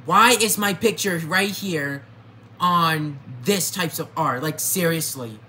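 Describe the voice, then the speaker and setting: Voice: takes it slowly, slight background noise. Agitated young vlogger ranting. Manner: agitated, repeats itself, voice jumps high and loud when upset. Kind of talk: ranting to camera.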